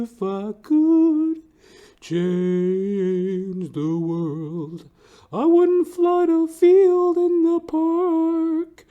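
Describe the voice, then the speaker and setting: A man singing a mock love song in a high, drawn-out falsetto, heard from a little farther off the mic. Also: phone-quality sound, full character voice.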